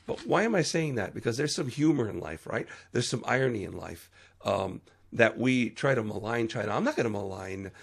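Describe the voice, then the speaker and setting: On his own podcast, a man delivers a solo opinion monologue in an earnest, preachy way, his voice jumping up suddenly for emphasis and trailing off into fillers. He speaks at a medium pitch, expressively and briskly, with a gravelly fry and a husky edge.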